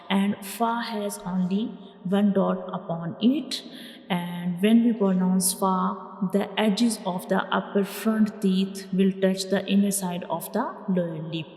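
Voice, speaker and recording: Her voice sits in the mid range as this Quran reading teacher slowly and patiently teaches letters one step at a time. Each sound is repeated loudly for the learners, and the room carries a long echo.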